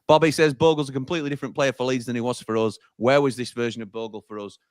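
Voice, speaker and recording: A chatty man with a Sheffield accent hosts a live fan watch-along, reading out viewer comments and laughing often. His voice sits at an ordinary middle pitch. It is recorded dry and close to the mic. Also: steady tone, racing, no echo.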